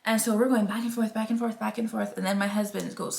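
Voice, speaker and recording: A woman's voice: medium pitch, fairly even intonation, fast, gravelly, hardly any pauses, a little mellow. A woman in her thirties telling a personal story to camera in a casual, emphatic way. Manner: candid and emphatic, acts out quoted voices. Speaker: vlogger.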